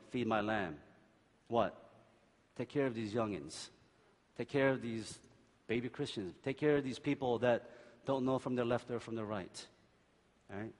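A male pastor preaching a sermon, joking and animated, swinging from loud exhortation to quiet scripture reading. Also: mid-range voice. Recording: long hall reverb.

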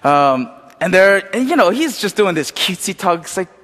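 Man, high voice, pastor preaching, storytelling with fillers, long hall reverb. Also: normal speed. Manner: storytelling, animated, many fillers. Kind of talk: sermon.

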